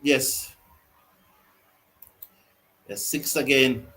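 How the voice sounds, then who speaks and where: A man hosting a live cricket watch-along, mixing excited commentary with reading out viewer comments. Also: mid-range voice, very slow, low-quality recording.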